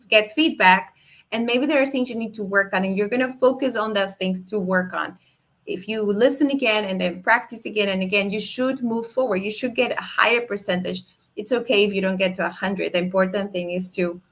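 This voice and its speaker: A woman lectures English teachers over a video call. She speaks at a middle pitch, explains step by step, and checks in with little "no?" and "right?" tags. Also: a bit bright. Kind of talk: online lecture. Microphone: video call microphone.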